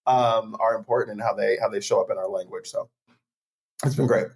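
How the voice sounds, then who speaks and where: A podcast guest and author chatting casually, telling stories in an animated way and acting out the voices they quote. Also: mid-range voice, fairly quick, husky.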